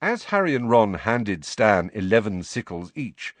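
A man reading a story aloud as an audiobook narrator, with expressive storytelling. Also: fairly low pitch, a little slow, no room sound. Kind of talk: scripted narration.

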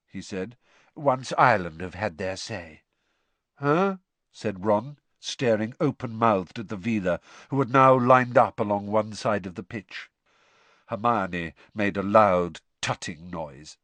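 A man narrating an audiobook in an expressive reading style. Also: lowish voice, no echo. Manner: expressive reading with lively voice changes.

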